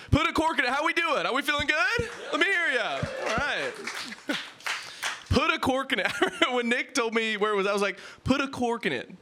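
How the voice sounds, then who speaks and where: A man doing improvised stand-up comedy, riffing quickly and self-deprecatingly with the crowd on audience-suggested topics. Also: very high-pitched, expressive, noisy background.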